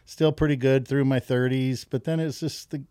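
A man's voice: mid-range voice, steady tone, moderate pace, dark tone, smooth, no room sound, clean studio sound. A middle-aged man telling a story as a podcast guest, laughing often and acting out the people he quotes. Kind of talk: casual storytelling.

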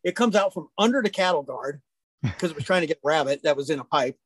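A man who works as a hunting guide, telling folksy, lively stories in a casual chat. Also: a little high, fast, no room sound. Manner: animated, folksy storyteller. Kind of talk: casual storytelling.

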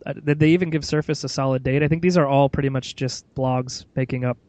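A man's voice: mid-range voice, fairly even intonation, fast talker, a little mellow, no echo. A man hosting a casual tech podcast, chatty and rambling, with many fillers and restarts. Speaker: podcast host.

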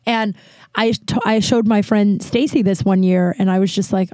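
A woman's voice: medium pitch, steady tone, normal speed, darkish tone, no echo. A woman hosting a podcast, frankly telling a personal story with many restarts and asides.

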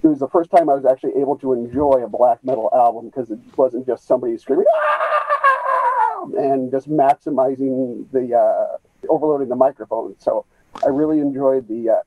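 Halting man on a tinny call line. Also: mid-range voice, no echo. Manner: halting, many restarts, earnest. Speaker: caller on a video call. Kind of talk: rambling casual chat. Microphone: video call.

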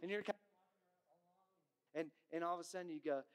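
A man's voice: high-pitched, steady tone, a little fast, clear, resonant tone. A man preaching a sermon, telling stories with sound effects and acted voices and often checking in with the audience by asking "right?". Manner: frequent "right?" asides to the audience. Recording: long hall reverb.

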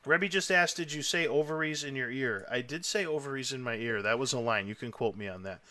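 A man hosting a casual chat, telling a story with excitable, emotional energy and lots of rambling. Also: medium pitch, a little fast, dry recording. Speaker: podcast host.

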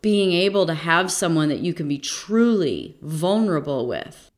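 A woman's voice: lowish voice, sing-song, normal speed. A woman interviewing a guest in a casual conversation, reflective and rambling, with many fillers.

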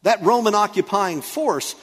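High-voiced male pastor preaching in a hall. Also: unhurried. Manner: conversational preaching with playful asides. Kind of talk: sermon.

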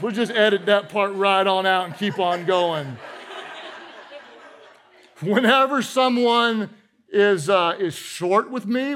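A middle-aged man, a pastor, preaching a sermon to a church congregation with animated storytelling and humorous asides. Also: high-pitched, a little hiss or hum. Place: church auditorium with a live congregation.

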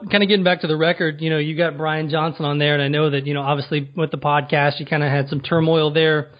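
A man's voice: fairly high pitch, level tone, fast talker. A man interviewing a guest in a casual interview, rambling and leaning on fillers. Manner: rambling, heavy on fillers like "you know". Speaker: podcast interviewer. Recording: slightly dull lo-fi sound.

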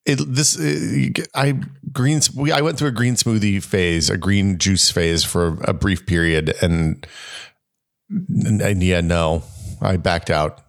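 A middle-aged man co-hosting a podcast, speaking in a somewhat low voice. He chats casually, rambling, restarting his sentences, and slipping in dry, wry jokes. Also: steady tone, slow pace, gravelly. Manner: rambling, self-correcting, dry wry humor. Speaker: podcast co-host. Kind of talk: casual chat.

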